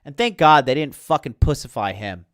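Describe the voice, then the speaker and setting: A male podcast host in mid rant, swearing freely and sneering at every plot turn. His voice is smooth and resonant, recorded close with no room echo. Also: medium pitch, sing-song, normal speed, fairly bright tone. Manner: profane, heated, sarcastic. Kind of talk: ranting film commentary.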